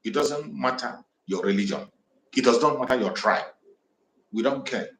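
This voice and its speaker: A man from southeastern Nigeria hosts an impassioned activist livestream on a home microphone, making fiery, repetitive, defiant declarations. His voice is medium-pitched and a bit bright at normal speed, in an echoey room.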